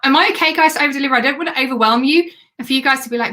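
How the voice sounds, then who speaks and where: A woman hosting a live stream as a business coach, chatty and excitable while pitching a program. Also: rapid-fire. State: has the hiccups.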